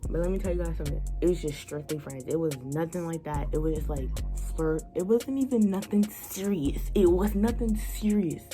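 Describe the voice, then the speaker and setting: A young woman vlogger telling a personal story in a casual, animated way, full of slang and fillers. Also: lowish voice, moderate pace. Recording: music playing behind her.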